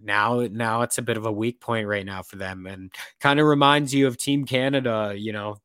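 A man's voice: fairly low pitch, steady tone, normal speed, a bit bright, clear, resonant tone, no echo. Dry-voiced man in casual hockey talk. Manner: rambling, many fillers and restarts. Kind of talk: casual sports chat.

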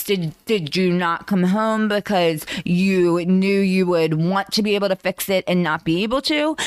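Low-pitched woman recapping in casual chat. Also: clear, resonant tone, no room sound. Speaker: podcast co-host.

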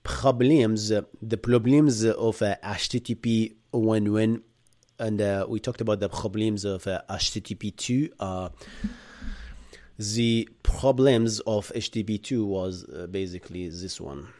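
A man from Bahrain with an Arab accent, hosting a live tech lecture and answering chat, animated, shifting between loud bursts and quiet asides. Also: on the low side, measured pace. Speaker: live stream host.

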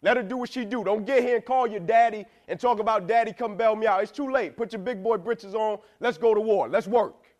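Young male motivational speaker, higher-pitched voice, punchy and repetitive, slangy delivery, keeps checking in with "right?". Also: fairly quick, few pauses, a little mellow. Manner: emphatic, repetitive, asks "right?" a lot, slangy. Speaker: motivational speaker to college football players. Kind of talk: motivational speech.

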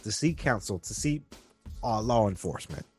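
A man's voice: on the low side, animated, normal speed, soft background music. A young man earnestly giving relationship advice to his viewers in a casual, preachy monologue, repeating himself often.

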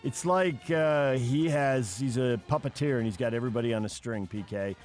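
A man hosting a sports radio show, briskly running through scores and handing off to his co-host. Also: mid-range voice, darkish tone, faint music behind. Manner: brisk, reads scores then asks co-host.

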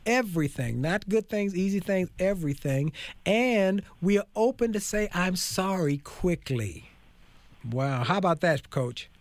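A man in his fifties hosting a faith-based talk show, speaking in an animated, preachy way and calling out to his audience. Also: high-pitched, unhurried, no room sound. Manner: preachy, animated, calls out to folks. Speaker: host.

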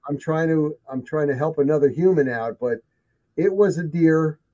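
A guest recounts his sightings in casual conversation, speaking emphatically and repeating himself for effect. His voice is on the high side, warm, and moderately paced. The recording sounds dull and lo-fi.

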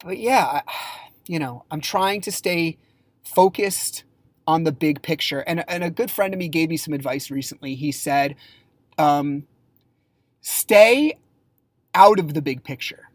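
A man hosting a raw, confessional solo podcast. He speaks haltingly and with emotion, using many fillers and restarts, and is candid and sometimes blunt. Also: on the high side, dry recording. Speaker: podcast host.

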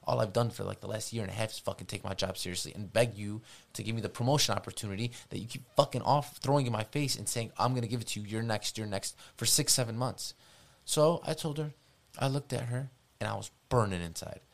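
A young man with a low, gravelly voice tells a story as a podcast guest. He talks in an animated, profane way and repeats himself for emphasis. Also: quick pace. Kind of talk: casual storytelling.

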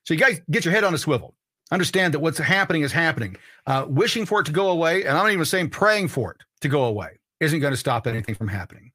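A man hosts his own podcast in a political monologue that is emphatic and preachy, and he hammers points by repeating them. His voice sits a little high and sounds bright and forceful. The recording is dry and close. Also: expressive, fast, dry recording. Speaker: podcast host.

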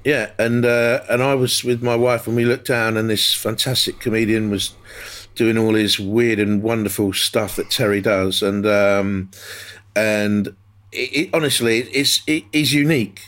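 A man, a veteran football commentator, chatting on a podcast and telling a measured, unhurried story. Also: on the low side, fairly even intonation, fairly bright tone. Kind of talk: casual chat.

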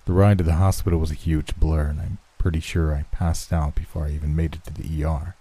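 A man reading a first-person horror story in a measured, dramatic storytelling manner. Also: a bass voice, flat delivery, mellow, slightly rough, dry recording. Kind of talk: scripted horror narration.

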